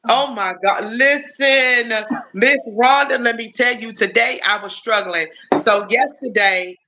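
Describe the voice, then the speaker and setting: A woman's voice: a little high, a little slow, sharp tone, a little hiss or hum, poor audio. A woman in her fifties chatting casually on a live stream, rambling through stories with lots of restarts. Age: 50s.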